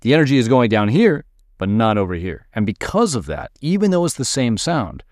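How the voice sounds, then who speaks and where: A man's voice: medium pitch, big pitch swings, brisk, darkish tone, no echo. Man explaining music production, dry sound. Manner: casual explaining, thinks aloud with "right?" and "all right". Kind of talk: screen-share tutorial walkthrough.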